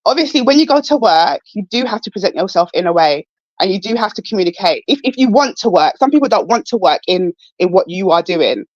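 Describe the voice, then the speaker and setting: On a live podcast panel that's turned heated, a woman caller pushes back for her position, stumbling through restarts and repeated words. She has a mid-range voice with lively intonation, and the recording is dry and muffled.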